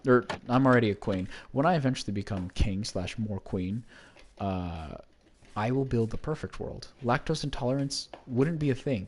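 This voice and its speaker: A man's voice: lowish voice, a little hiss or hum. A man streaming a block-building game, chatting casually and rambling to himself with jokes as he plays. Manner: rambling, jokey, talks to himself.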